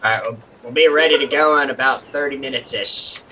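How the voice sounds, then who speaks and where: A man's voice: medium pitch, fast, sharp tone, slight background noise, low-quality recording. A man doing a grumpy, dismissive sailor. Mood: grumbling. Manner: grumbling, dismissive, folksy. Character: grumpy male sailor, boat crewman.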